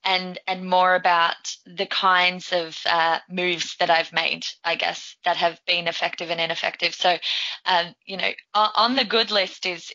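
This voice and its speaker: A woman with a bright, forceful voice chats on a podcast, laughing often and tripping into restarts. Her pitch sits on the low side, and the dry, dull-sounding recording has no room echo. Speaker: podcast guest. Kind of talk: casual podcast chat.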